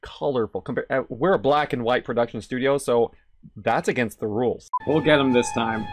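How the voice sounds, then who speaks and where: A man streaming video games, giving sarcastic, excitable commentary that bursts into shouts. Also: mid-range voice, moderate pace, music in the background. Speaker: gaming streamer. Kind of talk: casual gameplay commentary.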